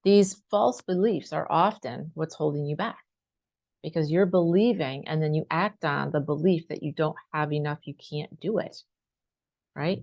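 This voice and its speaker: A woman's voice: deep voice, measured pace, creaky, a little mellow. A woman speaking as a life coach, talking straight to her viewers in a conversational way, often asking "right?" and acting out her clients' complaints. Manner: conversational, asks questions, repeats "right?". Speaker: life coach and spiritual teacher. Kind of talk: direct-to-camera motivational talk.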